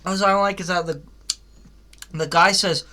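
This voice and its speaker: A man's voice: high-pitched, steady tone, moderate pace, bright, forceful tone. A young man giving a casual, rambling spoken review of a cartoon series, with frequent fillers, restarts and blunt swearing.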